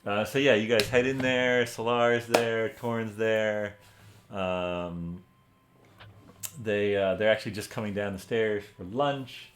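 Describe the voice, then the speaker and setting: A man's voice: on the low side, fairly even intonation, slow, a little hiss or hum. A man narrating as game master in a casual way, with many fillers. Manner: casual, filler-heavy, laughing.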